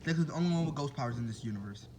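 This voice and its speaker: A man's voice: mid-range voice, expressive, racing, background noise. Man rambling through a made-up story. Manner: rambling, with restarts and asides to listeners. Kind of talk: casual improvised fan-fiction storytelling.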